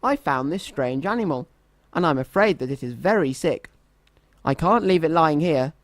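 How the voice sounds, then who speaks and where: A man voicing a small, frightened male dormouse in a children's storybook, with high, anxious cries. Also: lively intonation, normal speed, no echo, lightly acted.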